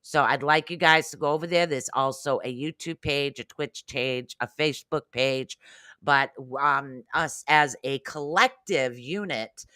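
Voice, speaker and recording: A man's voice: mid-range voice, a little slow, bright, forceful tone, smooth, dry recording. A man hosting a casual livestream chat, talking in a rambling, chatty way and drifting off topic. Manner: rambling, chatty, easily sidetracked. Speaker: show host.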